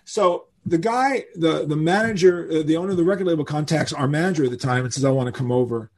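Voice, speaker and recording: Gravelly older man telling rock stories. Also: a little high, quick pace. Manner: animated anecdotes, acting out quotes. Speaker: guest musician. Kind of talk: storytelling in a podcast interview.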